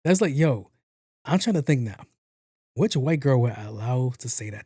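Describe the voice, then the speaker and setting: A man riffs through casual podcast commentary, full of swearing, jokes and repeated words. His voice is mellow and warm. The sound is dry and close. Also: mid-range voice, lively intonation, normal speed, breathy edge, dry recording. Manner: profane, joking, repeats himself. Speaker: podcast host.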